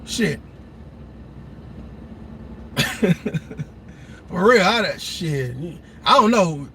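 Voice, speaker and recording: A man doing a loud, profane comedic rant, laughing often and slipping into mock voices. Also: sits high, sing-song, extremely slow, slight background noise. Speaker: comedic commentator.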